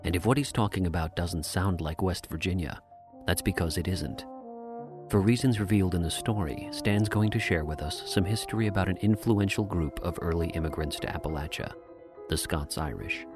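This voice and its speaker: Man, radio host, very low voice, measured scripted intro, music behind.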